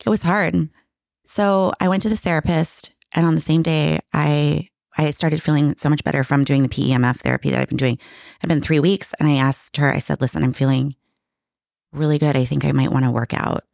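A woman's voice: low voice, steady tone, fairly quick, vocal fry, darkish tone, no room sound, studio quality. A middle-aged woman telling a candid personal story in casual conversation, emotional and full of restarts. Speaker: guest.

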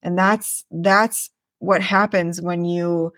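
Woman podcaster, lowish voice, rambling and animated, swears, dry close recording. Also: takes it slowly, no echo. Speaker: podcast host. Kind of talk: casual storytelling monologue.

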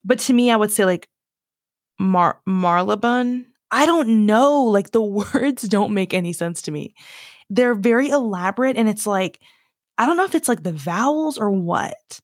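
A woman's voice: medium pitch, expressive, moderate pace, no room sound, clean studio sound. A woman in her twenties from Virginia with a light Southern accent, chatting on her own show in a rambling, self-mocking way full of fillers. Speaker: podcast host. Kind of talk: casual solo chat.

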